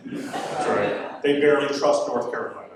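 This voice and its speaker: A man's voice: medium pitch, normal speed, crowd noise. A man from Florida doing a stand-up comedy set on stage, talking in a wry, conversational, self-deprecating way. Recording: echoey club from a distance. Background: audience laughter.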